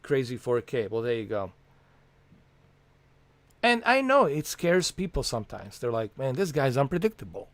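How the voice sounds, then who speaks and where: A man's voice: mid-range voice, huge pitch swings, a little slow, pauses often, a bit bright, no echo. A man hosting a casual livestream from home, rambling and swearing with lots of fillers. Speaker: livestream host.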